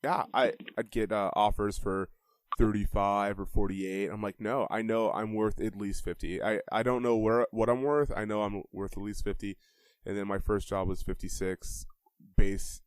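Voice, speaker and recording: Host: man with a lowish voice, easygoing and agreeable, dry close-mic sound. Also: moderate pace, clean tone, no room sound. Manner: relaxed, conversational, agreeable. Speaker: podcast host. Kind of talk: casual interview chat.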